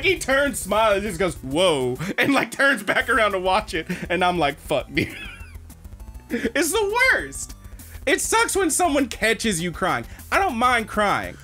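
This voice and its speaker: A man co-hosting an anime podcast, telling stories in an animated, swearing, casual way. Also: sits high. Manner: animated storyteller, swears a lot. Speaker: podcast co-host. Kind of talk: casual chat.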